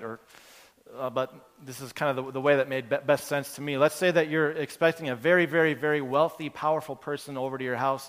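A man preaches a sermon in an earnest, conversational manner, restarting phrases as he works through everyday examples. His voice sits at an ordinary middle pitch. The recording carries the long reverb of a large church hall. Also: fairly bright tone. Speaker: pastor.

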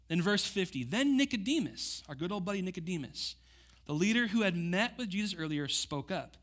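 Bright-voiced, animated young male preacher. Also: sits high. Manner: conversational, animated, acts out quotes with slang asides. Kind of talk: casual sermon.

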